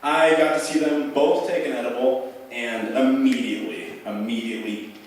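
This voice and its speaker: Stand-up comic: a young man rambles through a profane, filler-heavy story at a bar open mic. His mid-range voice keeps a fairly even intonation at a moderate pace, and the echoey bar room sounds far away, with slight background noise.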